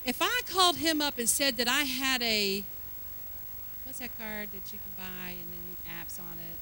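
An older woman preaching a sermon, building from chatty asides to fervent, loud exhortation. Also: fairly high pitch, a little hiss or hum, poor audio. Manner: fervent, rising to loud exhortation, drawn-out emphasis.

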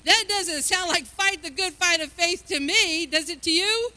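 A woman's voice: very high-pitched, moderate pace, pushed and bright. A woman preaching a sermon in a folksy, emphatic way, asking the congregation questions as she goes.

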